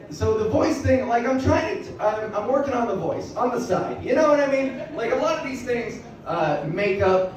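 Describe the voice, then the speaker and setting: A woman doing stand-up in a bar, raspy-voiced, loose and rambling, self-deprecating and laughing often. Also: fairly low pitch, a little mellow. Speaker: stand-up comedian. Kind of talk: stand-up comedy set. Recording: echoey bar miked from far off with room noise.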